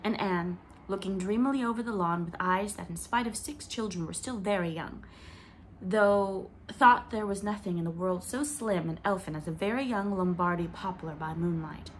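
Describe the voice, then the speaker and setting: A woman reading a classic novel aloud in a gentle, unhurried storybook narration. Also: mid-range voice, slight background noise. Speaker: audiobook reader.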